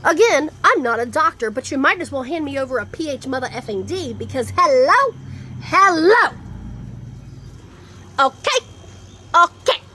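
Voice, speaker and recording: A woman with a somewhat high voice rambles through a casual vlog monologue. She is blunt and swears freely, hopping from one topic to the next. Faint room ambience sits under her voice. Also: fast talker, hardly any pauses, slight background noise. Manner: blunt, profane, animated, jumps between topics. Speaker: vlogger. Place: indoors, storm coming in outside.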